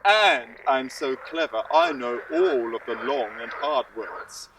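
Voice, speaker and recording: An actor playing a boastful, self-important firework rocket in an audio drama, with a pompous, theatrical manner. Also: male voice, medium pitch, big pitch swings, slow pace, vocal fry, background noise, full character voice. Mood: indignant, smug.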